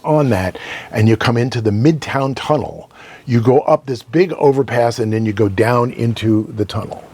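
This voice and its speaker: Older man telling radio stories. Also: medium pitch. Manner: animated storyteller, keeps checking in with "right?". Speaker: radio broadcaster, guest. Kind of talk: casual storytelling interview.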